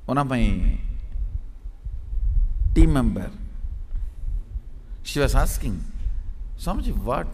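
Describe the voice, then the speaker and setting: A man's voice: mid-range voice, lively intonation, drawn-out words, pauses often, a little mellow. A man giving a spiritual discourse as a teacher, emphatic and repeating words for effect. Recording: reverberant hall with faint noise.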